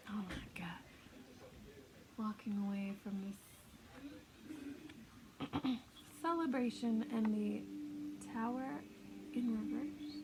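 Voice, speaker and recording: A woman giving a casual intuitive tarot reading, chatty and self-mocking, laughing often and sometimes dropping into soft whispers. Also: a little high, noisy background. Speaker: tarot reader.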